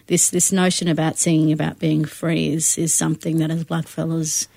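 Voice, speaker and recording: A woman's voice: low-pitched, level tone, vocal fry, warm tone, no room sound. A woman, a university lecturer hosting a thoughtful interview. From Australia. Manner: thoughtful, measured, with fillers. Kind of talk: interview conversation.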